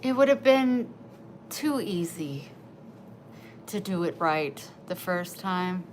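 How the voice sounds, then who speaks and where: Casual home vlogger, woman, middle-aged, unhurried and chatty, noisy home recording. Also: fairly low pitch. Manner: chatty, animated self-talk. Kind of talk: casual vlog chat. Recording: background noise.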